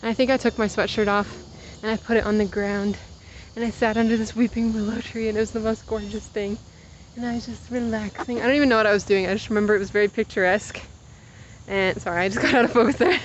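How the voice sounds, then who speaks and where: A woman's voice: mid-range voice, steady tone, fast, lo-fi sound, a little hiss or hum. A woman in her twenties chatting casually while walking outdoors, rambling through side stories and a little out of breath. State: slightly out of breath from walking uphill. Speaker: vlogger. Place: outdoors on a walk.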